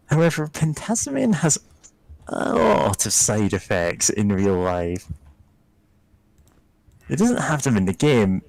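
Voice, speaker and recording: A man with a fairly low voice talks slowly and evenly while playing a game with friends. He walks through game details in a relaxed, dry, humorous way. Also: no echo, low-quality recording. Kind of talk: casual gaming chat.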